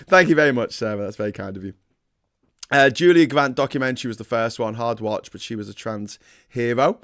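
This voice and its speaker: A man's voice: medium pitch, fairly quick, fairly bright tone. A man hosting a casual livestream, rambling and self-deprecating, full of fillers and restarts. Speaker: host.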